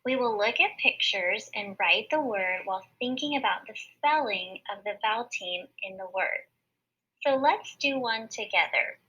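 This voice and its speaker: A woman teacher giving a recorded word study lesson for children, patiently sounding out syllables slowly and clearly. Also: mid-range voice, expressive, bright, forceful tone, highs cut off.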